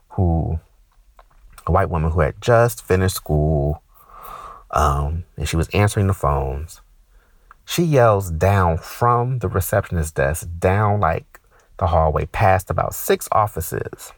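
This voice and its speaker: Stand-up comic, man in his thirties, lively swooping delivery, gravelly, dry close sound. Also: no room sound. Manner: animated, profane, ranting with sudden high-pitched outbursts. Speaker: stand-up comedian. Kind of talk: stand-up comedy set.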